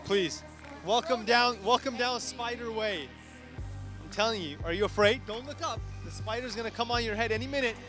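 A man's voice: very high-pitched, moderate pace. A man from Turkey working as a TV reporter, joking and teasing as he interviews people outdoors on city streets with a handheld mic. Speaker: TV reporter and host. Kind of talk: playful street interviews and narration. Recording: music playing under the voice. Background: loud music.

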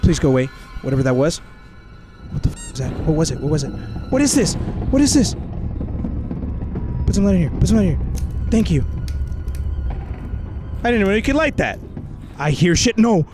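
A young man playing a horror game, swearing, pleading and shouting in panic. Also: sits high, very animated, moderate pace, pauses often, over music. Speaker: VR gamer and host. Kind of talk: panicked gaming commentary.

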